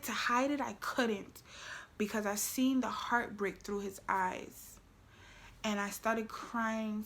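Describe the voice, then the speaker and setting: Give me a young woman with a mid-pitched voice telling a candid storytime in casual slang, swinging between loud outbursts and hushed asides. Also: fairly even intonation, slow pace. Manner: slangy and frank, addressing viewers as y'all. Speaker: vlogger.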